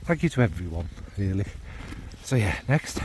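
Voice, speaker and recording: A man's voice: low voice, very animated, moderate pace, background noise. Rambling man chatting about perfume. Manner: rambling, warm and enthusiastic about scents. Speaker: fragrance vlogger. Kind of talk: casual rambling chat to camera.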